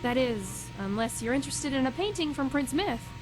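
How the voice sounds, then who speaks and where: A woman voicing a young woman in a game, talking in an earnest, hesitant way over loud game music. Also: high-pitched, lively intonation, normal speed, low-quality recording. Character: young woman worried about her estranged mother. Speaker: game character. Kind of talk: voiced game dialogue.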